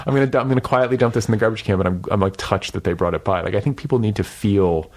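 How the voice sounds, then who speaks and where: A male podcast host in casual conversation, with a somewhat low voice. He talks candidly and loosely, swears freely and pokes fun at himself. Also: racing. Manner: candid, profane, self-deprecating, many fillers.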